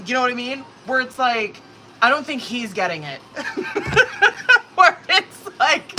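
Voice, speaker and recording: Bright-voiced, profane woman tarot reader. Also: mid-range voice, slight background noise, poor audio. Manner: casual, profane, filler-heavy, anxious reactions. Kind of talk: live-stream tarot reading.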